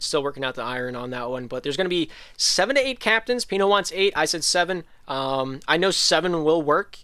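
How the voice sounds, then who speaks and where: Bright, crisp-voiced man rambling casually. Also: on the high side, dry recording, clean studio sound. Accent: slight Southern American drift. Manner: rambling, frequent ums and restarts. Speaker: league host. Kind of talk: casual livestream talk.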